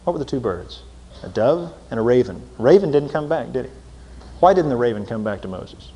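A man preaching a folksy sermon, swinging from loud emphatic lines to low intense asides. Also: animated, brisk. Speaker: pastor. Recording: long hall reverb.

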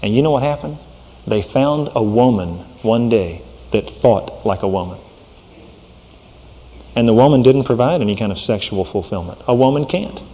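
Man, middle-aged pastor, sermon, folksy, mellow tone, long reverb. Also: mid-range voice, lively intonation, moderate pace, highs cut off. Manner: folksy, conversational preaching; drops to a hushed tone for serious points.

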